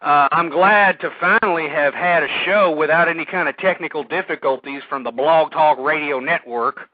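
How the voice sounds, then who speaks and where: A male talk radio host ranting through a monologue, swinging between shouting and weary sighs. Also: on the high side, moderate pace, no echo. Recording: dry tinny phone-line audio.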